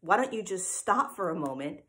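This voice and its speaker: A woman's voice: fairly low pitch, big pitch swings, normal speed, sharp tone. A woman giving an informal spiritual teaching talk, earnest and emphatic, who keeps checking in with her listeners by asking "right?" after her points. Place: live event replay.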